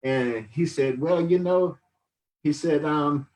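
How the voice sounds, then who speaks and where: A man's voice: fairly high pitch, slow, darkish tone, recorded from a distance, poor audio. A man in his sixties giving a rambling, reflective testimony as a podcast guest, full of fillers. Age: 60s. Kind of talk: casual storytelling testimony.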